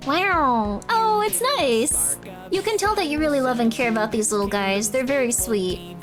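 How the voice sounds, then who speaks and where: A woman's voice: on the high side, expressive, normal speed. A woman streamer chatting casually while playing, gushing and rambling with lots of apologies. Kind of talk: casual live-stream chat. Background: game music.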